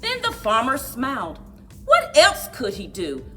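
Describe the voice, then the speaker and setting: A woman, a children's librarian, reading a picture book aloud with expressive storytelling. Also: high-pitched, unhurried, soft background music. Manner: expressive storyteller, big swoops for animal noises.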